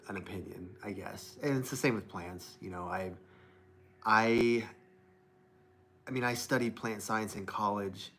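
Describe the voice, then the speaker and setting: A man's voice: lowish voice, slight background noise. A young man hosting a casual livestream, thinking aloud and reading chat comments from a laptop. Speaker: livestream host. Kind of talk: casual live-stream chat. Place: indoors at a desk with plants. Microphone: laptop mic.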